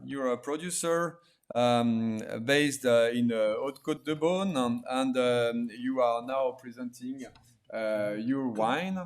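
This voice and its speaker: A man hosting an online wine tasting over a video call, halting and full of fillers. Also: medium pitch. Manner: halting, many fillers and restarts. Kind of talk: hesitant live presentation.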